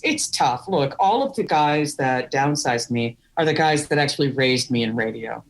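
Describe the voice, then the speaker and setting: A middle-aged woman from Wisconsin, a podcast guest telling candid stories with laughs. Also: sits low. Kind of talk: storytelling interview.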